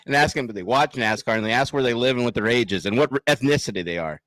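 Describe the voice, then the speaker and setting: A man's voice: mid-range voice, quick pace, fairly bright tone, dry recording. A man co-hosting a live show, teasing and joking crudely in casual banter. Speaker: co-host.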